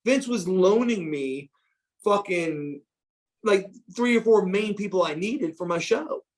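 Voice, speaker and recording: A middle-aged man as an interview guest, telling stories in a casual, animated, profane way with frequent restarts. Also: sits high, takes it slowly. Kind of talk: casual storytelling.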